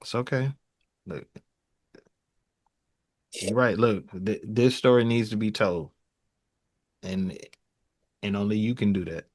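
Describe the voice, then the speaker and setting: A man's voice: on the low side, slow, pauses often, a little mellow, dry recording. Supportive male podcast host, dry sound. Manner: supportive, short replies. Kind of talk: casual interview.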